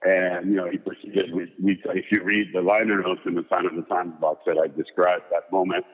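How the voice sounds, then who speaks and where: A man's voice: low voice, a little fast, slightly rough. A man as an interview guest, casually telling a long rambling story with lots of fillers. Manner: rambling, animated anecdote with many fillers. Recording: tinny phone-like sound with long reverb.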